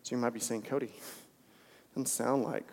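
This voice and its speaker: A man's voice: mid-range voice, fairly even intonation, moderate pace, creaky, a little mellow. A man preaching an informal, conversational sermon, repeating phrases for emphasis. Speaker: pastor. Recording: long hall reverb.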